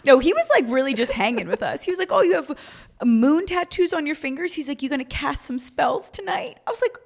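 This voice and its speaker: Young female co-host, excitable, very high and bouncy voice. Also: vocal fry. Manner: excitable, quick storyteller. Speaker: podcast co-host. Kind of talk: casual chat.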